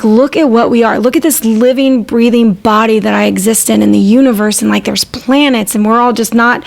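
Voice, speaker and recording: A woman co-hosting a podcast in casual chat, animated, swearing freely and acting out her own thoughts. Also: on the high side. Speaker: podcast co-host.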